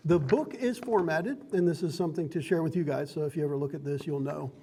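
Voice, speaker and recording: High, mellow-voiced game master explaining rules. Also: male voice, fast talker, creaky, big-room sound, a little hiss or hum. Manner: upbeat, chatty, laughs often. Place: card and game shop.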